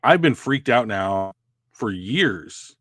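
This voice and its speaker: Man, podcast co-host, low voice, dry close sound, rambling with fillers. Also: lively intonation, slow pace, fairly bright tone, no echo. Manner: rambling, many fillers and restarts. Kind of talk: casual sports chat. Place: home.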